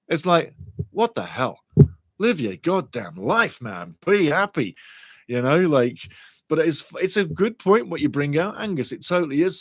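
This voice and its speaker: A man hosting a live football watchalong, chatting excitedly, reading out viewers' comments and swearing casually. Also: a little high, no echo. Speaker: watchalong host.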